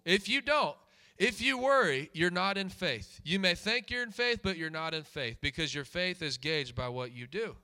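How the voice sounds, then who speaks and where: A man preaching a sermon in a high, bright, forward voice. He drives his points home by repeating key lines and firing questions at the congregation.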